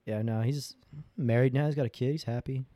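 A man's voice: medium pitch, steady tone, brisk, warm tone, no echo. A man in his twenties telling crude stories in a casual, slangy way, often laughing and swearing. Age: 20s. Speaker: podcast host.

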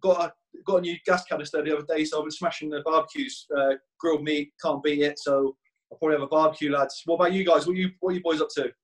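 A quick-talking man in his thirties answers rapid-fire questions in a relaxed, laddish way. He stumbles and repeats phrases, dropping "mate" at the end of almost every line, and his voice sits a little high for a man. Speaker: guest footballer. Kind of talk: casual podcast chat.

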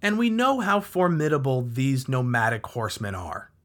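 A man's voice: mid-range voice, sing-song, normal speed, a bit bright. A man hosting a history podcast, narrating in a casual, conversational way with emphatic asides to the listener. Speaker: podcast host.

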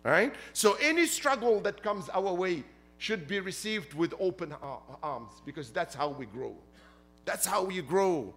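A man's voice: sits high, big pitch swings, a little slow, fairly bright tone, soft background music. A man preaching a sermon as a sheikh, emphatic, repeating his points and asking rhetorical questions. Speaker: sheikh preaching at a Muharram gathering.

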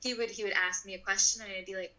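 Young woman, bright clear tone, animated storytelling, lots of "like", interview guest. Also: mid-range voice, fast talker, low-quality recording. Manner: animated, acts out voices in quotes; filler-heavy, frequent "like".

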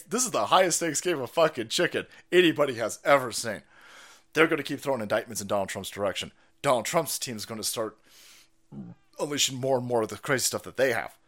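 Excitable swearing male stream host. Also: mid-range voice. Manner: profane, excitable, laughs and shouts over clips. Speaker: livestream host. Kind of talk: casual political commentary stream.

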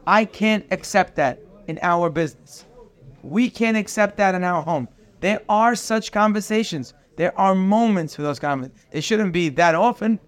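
A man teaching a daily Torah class, earnest and emphatic, repeating phrases for stress and mixing in Hebrew terms. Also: high voice.

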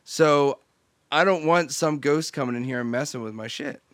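A man hosting a podcast in casual chat, deadpan and teasing, often restarting his sentences. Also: on the high side, normal speed, no room sound. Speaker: podcast host.

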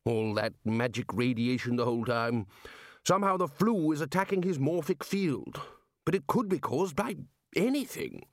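A man's voice: medium pitch, expressive, moderate pace, no echo, clean studio sound, natural voice. A man voicing an anxious, bookish male wizard lecturer who fires off fretful questions. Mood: worried.

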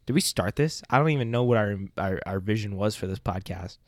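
A young man co-hosts a casual podcast, spinning stories with lots of laughter and a loose, swearing delivery. His voice sits a little low and sounds close and dry on the mic. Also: brisk, no room sound. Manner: animated storyteller, laughs often, swears. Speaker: podcast co-host. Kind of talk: casual chat.

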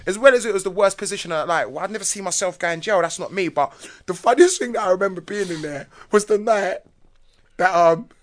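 A middle-aged man, a podcast guest telling stories in an animated, slangy way and laughing often. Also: sits high, fast talker. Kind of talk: casual storytelling chat.

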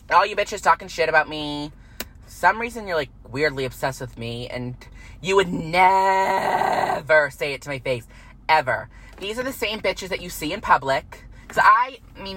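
Bright-voiced young woman ranting angrily. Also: deep voice, animated, a little fast, a little hiss or hum, low-quality recording. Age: 20s. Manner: heated, repetitive, swearing freely. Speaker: vlogger. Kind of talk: angry profane rant to camera.

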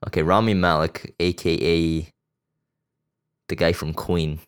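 A man's voice: low-pitched, flat delivery, unhurried, clear, resonant tone. A man hosting a podcast, rambling bluntly and crudely about a movie, with lots of fillers and restarts. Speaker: podcast host. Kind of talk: casual profane movie chat.

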